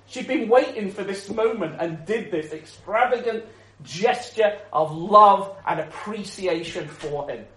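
A man preaching a sermon in an animated storytelling manner, chuckling often and restarting his sentences. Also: high-pitched, unhurried, echoey room, low-quality recording.

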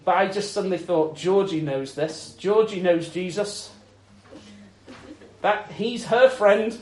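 A male preacher with a fairly high voice delivers his sermon with expressive storytelling. He swings between ringing emphasis and quiet intensity. The room is echoey, with a faint hum of ambience behind him. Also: takes it slowly.

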